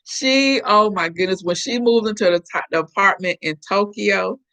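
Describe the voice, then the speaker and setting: A woman's voice: mid-range voice, normal speed, sharp tone. Middle-aged woman from Florida, live-stream host, casual chatty storyteller. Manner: chatty storyteller, acts out quoted voices. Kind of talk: casual chat with viewers.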